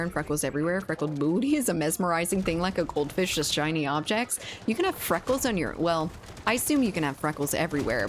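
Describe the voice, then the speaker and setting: A woman's voice: sits low, a little hiss or hum. A young woman streaming a game, chatting candidly with her chat, joking and laughing often. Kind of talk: casual stream chat while gaming.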